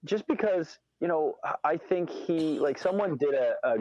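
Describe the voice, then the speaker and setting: A man's voice: on the high side, expressive, normal speed, darkish tone. A man co-hosting a casual gaming podcast, talking hesitantly with many restarts. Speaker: podcast co-host. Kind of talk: casual chat. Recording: dull lo-fi mic.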